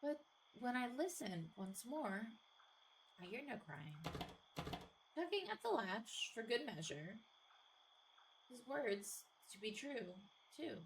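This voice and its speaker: A woman streamer narrates a horror game in first person with casual asides. Her voice is gravelly with a creaky edge. Her pitch moves in lively swings. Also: takes it slowly, pauses often, noisy background. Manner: expressive, casual asides with swearing. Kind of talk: reading a horror game aloud with commentary.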